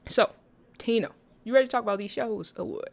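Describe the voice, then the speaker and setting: A woman's voice: fairly high pitch, fairly quick. A woman hosting a podcast in casual, chatty talk, teasing her co-host and addressing listeners directly. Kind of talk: casual podcast chat on a live stream.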